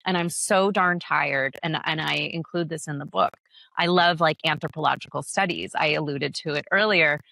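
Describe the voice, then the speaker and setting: Low-pitched, sharp in tone, and edged with vocal fry, this woman's voice moves at normal speed with no echo. As a podcast guest in a conversational interview, she speaks frankly about being a parent and a yoga teacher, frequently laughing and starting sentences over.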